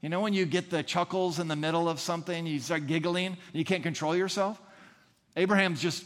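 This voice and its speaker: A male pastor delivers an earnest sermon, stacking repeated phrases to drive each point home. His voice sits slightly higher than most men's. The sound carries the long, lingering reverb of a large church hall. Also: fairly even intonation, brisk.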